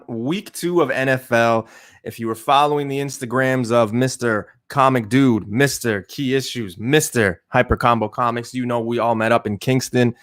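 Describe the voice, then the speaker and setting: A man from Canada hosting a casual livestream chat, joking and loose with lots of fillers. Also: medium pitch. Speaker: livestream host.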